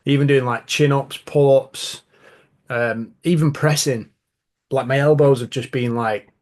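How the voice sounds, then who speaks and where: A man's voice: medium pitch, fairly even intonation, unhurried, darkish tone. A man hosting a podcast, telling rambling stories in a casual chatty way. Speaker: podcast host.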